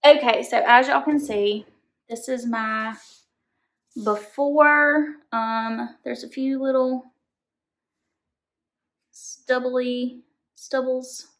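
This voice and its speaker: Girl vlogging, kinda nervous, says y'all a lot, bit high pitched, roomy echo. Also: fairly even intonation, extremely slow, long pauses, a bit bright. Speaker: beauty vlogger testing a product. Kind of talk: casual product test vlog.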